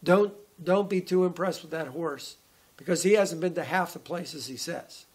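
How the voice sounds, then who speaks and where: A man's voice: fairly high pitch, moderate pace, darkish tone, breathy edge. A man playing a matter-of-fact country horse owner in a sermon story. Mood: deadpan.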